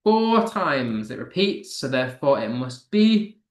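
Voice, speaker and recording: A man's voice: mid-range voice, sing-song, a little slow. British male teacher, encouraging, stresses verse, echoey room. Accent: British English. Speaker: English teacher. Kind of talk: live online lesson.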